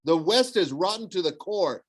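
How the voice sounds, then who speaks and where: A man's voice: sits high, expressive, moderate pace, pitched above the performer's own voice, rough recording. A man voicing a smug, sneering young villain who mocks and tempts. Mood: mocking. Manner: sneering, mocking. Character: smug young male villain, mocking and persuasive.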